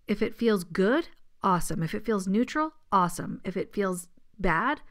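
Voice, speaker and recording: A woman hosting her own podcast as a medium, talking casually and chattily, laughing often and dropping into soft asides. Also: medium pitch, lively intonation, moderate pace. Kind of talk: casual solo podcast talk.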